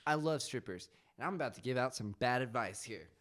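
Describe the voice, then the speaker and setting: A man's voice: mid-range voice, expressive, fairly quick, fairly bright tone. A young man hosting a podcast, chatting loosely and swearing, calling his guest dude and bro. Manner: laid-back, profane, says dude and bro. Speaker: podcast host, comedian. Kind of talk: casual podcast banter.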